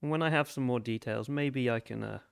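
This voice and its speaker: A man running a tabletop game as game master, describing scenes in a halting, detailed way. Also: mid-range voice, vocal fry, smooth, dry recording, clean studio sound.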